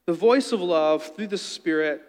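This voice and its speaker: A man telling a story in an earnest, conversational sermon, dropping quiet when he quotes others. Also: on the high side, measured pace, long reverb tail.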